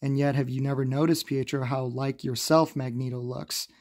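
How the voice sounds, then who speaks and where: A man's voice: mid-range voice, fairly even intonation, moderate pace, a little mellow, close to an everyday voice. A man voicing an earnest young female sorceress heroine, speaking in formal, old-fashioned phrasing. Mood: probing.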